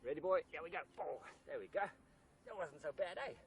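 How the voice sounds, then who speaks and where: A man's voice: fairly high pitch, a little fast, poor audio. Male wildlife presenter, keen and explanatory, recorded outdoors with a faint background hiss. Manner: enthusiastic, explains while handling a snake.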